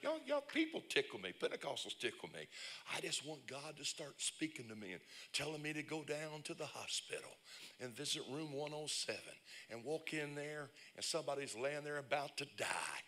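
A man preaching a lively, humorous sermon, telling stories and breaking into shouts. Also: on the high side, normal speed. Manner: animated storyteller, bursts into shouts and laughs. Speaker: pastor. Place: church conference service.

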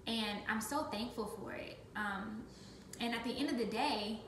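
A woman's voice: a little high, unhurried, fairly bright tone, reverberant, a little hiss or hum. A woman leading a business team, talking casually about her faith and stressing points by repeating words. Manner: emphatic, repeats phrases for stress. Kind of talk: casual faith-based vlog talk.

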